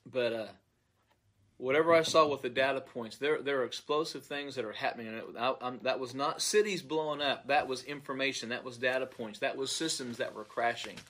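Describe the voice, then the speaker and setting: A man's voice: mid-range voice, brisk, a bit bright. A man, a pastor, earnestly recounting a dream in an unscripted monologue, often repeating words as he searches for them.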